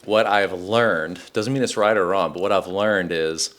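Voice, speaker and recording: A man's voice: deep voice, steady tone, unhurried, a bit bright. A middle-aged man hosting a podcast, speaking reflectively in casual conversation and telling personal stories. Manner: reflective storyteller, acts out quoted voices. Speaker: podcast host.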